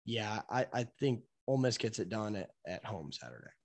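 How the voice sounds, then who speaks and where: A man's voice: on the low side, very animated, fairly quick. A man co-hosting a casual sports podcast, giving opinionated takes on games and stats in a loose, chatty way. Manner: chatty, opinionated, loses his train of thought. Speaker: podcast co-host. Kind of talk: casual sports betting chat.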